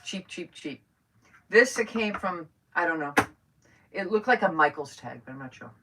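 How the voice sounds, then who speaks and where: A woman's voice: on the low side, lively intonation, moderate pace, a bit bright, slight background noise. A middle-aged woman hosting a live crafting stream, chatting and thinking aloud as she works. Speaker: craft host. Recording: distant from the mic.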